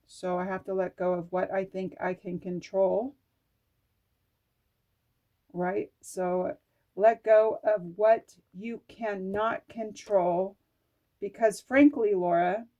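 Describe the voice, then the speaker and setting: A woman's voice: mid-range voice, level tone, slow pace, warm tone, lo-fi sound. A middle-aged woman chatting through an oracle card reading, talking to herself and reading card texts aloud with casual swearing.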